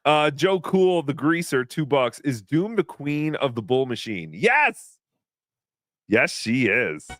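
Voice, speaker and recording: A man's voice: mid-range voice, very animated, takes it slowly, a bit bright, dry recording. A man hosting a casual livestream, reading chat donations aloud in a rambling, joking, self-deprecating way.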